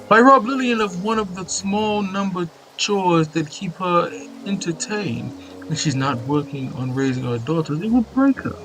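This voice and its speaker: A man's voice: high voice, animated, moderate pace, a bit bright, faint music behind, pitched above the performer's own voice, low-quality recording. A man voicing a fussy middle-aged male newspaper seller who talks in a theatrical, wordy way while reading game dialogue aloud. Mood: fretful.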